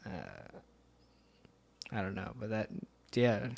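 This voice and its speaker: A man's voice: fairly low pitch, fairly even intonation, takes it slowly, creaky. A man co-hosting a podcast, talking through a film in a rambling, self-correcting way with frequent laughs. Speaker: podcast co-host. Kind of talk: casual film commentary chat.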